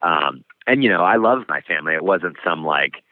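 A man speaking frankly and reflectively as an author being interviewed, pausing often as he talks. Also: deep voice, animated, dry recording. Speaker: author and guest. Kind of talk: candid interview conversation. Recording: tinny phone-like line, dry.

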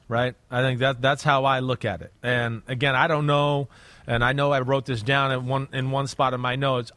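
A man's voice: medium pitch, no room sound. A middle-aged man, a former player, co-hosting a sports podcast, talking football in a loose, rambling way. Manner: relaxed, rambling, fillers and "right?". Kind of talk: casual sports analysis chat.

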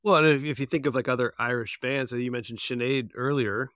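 A man hosts a music podcast in a relaxed, halting way, circling back over his words. His voice sits in a middle range. The recording is dry and close. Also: mid-range voice, no room sound. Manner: relaxed, hesitant, restarts his phrases. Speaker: podcast host. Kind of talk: casual podcast conversation.

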